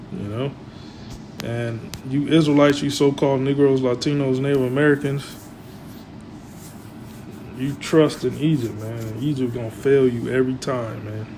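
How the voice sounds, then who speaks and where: Male religious commentator, mid-pitch, rambling and filler-heavy; constant hum behind. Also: steady tone, normal speed.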